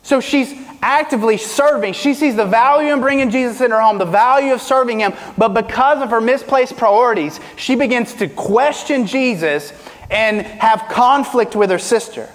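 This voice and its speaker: A man preaching a sermon as pastor, asking the congregation rhetorical questions, rising and dropping from loud to quiet. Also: moderate pace, big-room sound. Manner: preaching with rhetorical questions, pitch and volume swinging widely.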